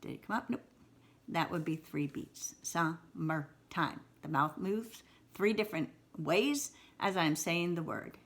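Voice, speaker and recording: A woman teaching a video lesson on syllables, repeating words slowly and exaggerating them, with encouraging asides. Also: fairly low pitch, lively intonation. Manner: slow, exaggerated word repetition, encouraging. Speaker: writing teacher.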